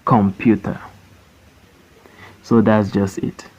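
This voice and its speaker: A man's voice: on the low side, flat delivery, slow pace, a little mellow, highs cut off. A man teaching a phonics lesson, stretching words out syllable by syllable and repeating them for learners. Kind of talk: slow classroom phonics lesson. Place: voice-over for an online lesson.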